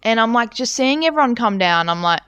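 A woman's voice: fairly high pitch, animated, brisk, a bit bright, smooth, no echo, dull audio. A young woman co-hosting a podcast, telling a rambling story with lots of filler words and swearing. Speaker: podcast co-host. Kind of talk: casual storytelling chat.

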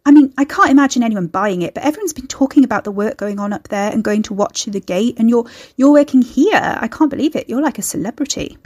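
A woman's voice: a little high, quick pace, few pauses, darkish tone, lightly acted. A woman voicing an eager, chatty young supervisor who is bursting with curiosity.

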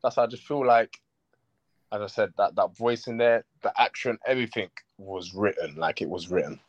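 A low-voiced man from London talks reflectively as a guest on a podcast, quiet and full of fillers. The sound is dull and lo-fi, with a dry, close feel. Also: moderate pace, dry recording. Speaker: guest footballer. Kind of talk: casual podcast interview.

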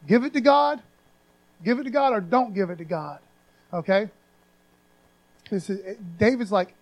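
High-voiced conversational male preacher. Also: expressive, moderate pace, long pauses, low-quality recording. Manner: conversational, emphatic, says "man" often; raises voice when reading scripture aloud. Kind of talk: sermon.

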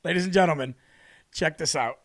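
A man's voice: a little high, fairly quick, fairly bright tone. A man hosting a political talk show, talking in a brash, mocking way with plenty of laughter. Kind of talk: brash casual commentary.

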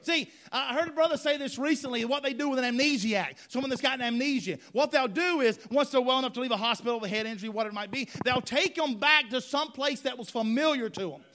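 High-voiced, bright-toned male preacher. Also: fast, hardly any pauses. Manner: emphatic, repeats phrases, asks congregation for response. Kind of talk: sermon. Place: church.

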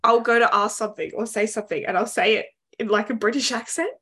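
A woman's voice: fairly high pitch, quick pace, a bit bright. A young Australian woman co-hosting a podcast, rambling casually with lots of fillers and laughing often. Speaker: podcast co-host. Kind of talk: casual chat.

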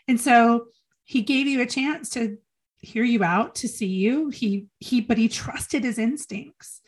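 A woman guest on an interview show, remembering a close friend in an earnest, halting way, often repeating phrases for emphasis. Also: fairly high pitch, breathy edge. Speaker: podcast guest. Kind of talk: emotional personal reminiscence.

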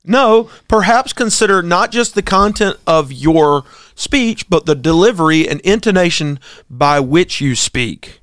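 A man's voice: high voice, animated, unhurried, a bit bright, no room sound, clean studio sound. A man who is a pastor and co-host, giving opinionated casual commentary with emphatic rhetorical questions. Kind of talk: casual talk show commentary.

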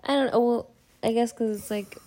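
A woman's voice: fairly high pitch, fairly even intonation, fairly quick, dark tone, no echo. A woman co-hosting a casual chat show, laid-back and drowsy. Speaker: podcast co-host.

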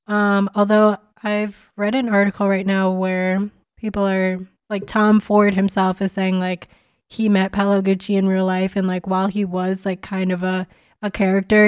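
A woman's voice: medium pitch, clean tone, no echo. A woman giving a casual, blunt spoken movie review, talking in a chatty way full of filler words.

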